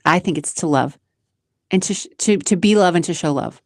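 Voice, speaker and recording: A woman's voice: fairly low pitch, brisk, a little mellow, dry recording, studio quality. A woman from Massachusetts hosting a casual vlog, answering questions in a chatty, emotional way, laughing often and restarting her sentences. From Massachusetts, USA. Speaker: show host and community founder.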